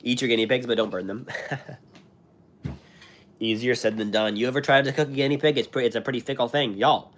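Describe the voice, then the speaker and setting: A man's voice: mid-range voice, fairly even intonation, moderate pace, long pauses, fairly bright tone. A young American man hosting a live stream, chatty and rambling, his throat scratchy and sore from being sick. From United States. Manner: rambling, many fillers and restarts. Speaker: channel host. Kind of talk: live stream chat, reading comments.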